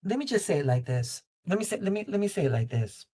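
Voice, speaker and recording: A woman with a lowish, husky, warm voice does a live-stream card reading from home, very animated and quick-paced. She's affectionate, calling the viewer baby and mama, and repeats phrases for emphasis over a basic streaming setup.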